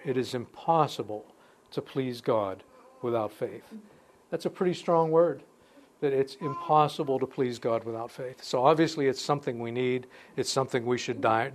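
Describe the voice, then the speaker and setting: A man's voice: mid-range voice, a little hiss or hum. A man giving an informal Bible study. He reads passages aloud and stops often to comment, and he restarts phrases as he talks. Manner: conversational, pauses to comment between verses, restarts phrases. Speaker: Bible teacher. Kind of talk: informal Bible study talk with scripture reading.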